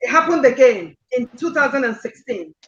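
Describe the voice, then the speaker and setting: Woman caller, upset and insistent, high bright voice, echoey muffled call line. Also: lively intonation, brisk. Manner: distressed, earnest, repeats points insistently. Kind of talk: emotional personal account on a call-in show.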